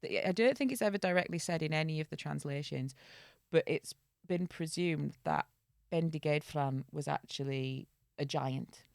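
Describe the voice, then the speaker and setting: A woman hosting a casual podcast, reading an old tale aloud and breaking off for quick jokey asides. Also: low voice, creaky, dry recording, clean studio sound. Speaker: podcast host.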